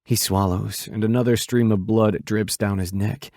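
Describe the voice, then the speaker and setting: Steady low-voiced male audiobook narrator. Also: normal speed, dry recording, studio quality.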